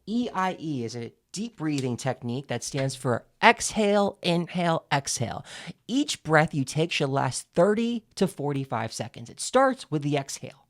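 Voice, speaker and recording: Very animated and a little high in pitch, this public speaking instructor moves at a moderate pace, enunciating crisply and emphatically as he demonstrates each exercise in his video.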